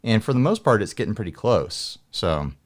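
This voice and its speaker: Jokey American man, lively pitch. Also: normal speed. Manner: jokey, laughs often, rambling. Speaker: guest guitar video maker. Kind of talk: casual chat.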